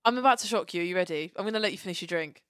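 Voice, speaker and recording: A woman co-hosting a podcast, chatting in an excitable, playful and sweary way. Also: fairly low pitch, racing, smooth, dry recording, clean studio sound. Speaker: podcast co-host. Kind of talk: casual chat.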